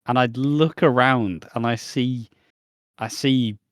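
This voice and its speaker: A man's voice: mid-range voice, takes it slowly, no room sound, clean studio sound. Man telling a rambling story. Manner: rambling storyteller, acts out dialogue with restarts. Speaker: podcast co-host. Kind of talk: casual podcast chat.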